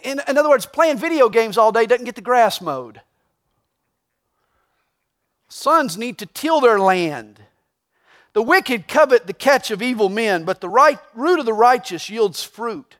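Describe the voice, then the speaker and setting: Pastor, male, high voice, reads verses then explains them with folksy humor. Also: unhurried. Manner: preaching with humor, tells a joke with rising excitement. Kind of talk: sermon.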